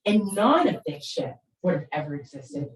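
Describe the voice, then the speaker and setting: Brief: middle-aged woman speaker, lively storyteller, lowish voice, echoey room, distant mic. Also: moderate pace. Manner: animated, conversational, tag questions. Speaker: parenting speaker. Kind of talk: storytelling talk.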